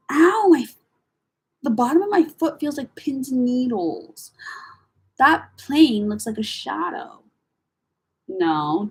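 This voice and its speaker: A young woman chatting casually to camera as she sorts through her files, rambling and swearing with slangy, animated talk. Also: on the high side, vocal fry, husky, rough recording. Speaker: vlogger.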